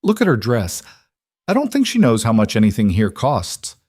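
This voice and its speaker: A man's voice: medium pitch, slow pace, a bit bright, no room sound, studio quality, voice pushed up. Man doing a cruelly mocking rich guest.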